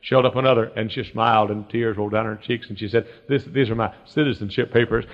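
A male preacher tells folksy stories in a sermon, rising into loud, high, drawn-out exclamations. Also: fairly even intonation. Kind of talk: storytelling sermon. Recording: muffled lo-fi recording in a reverberant hall.

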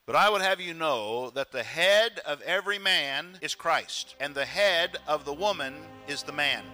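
A man preaching a sermon as pastor in church, animated and acting out quoted voices. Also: a little high, a little slow, faint music behind.

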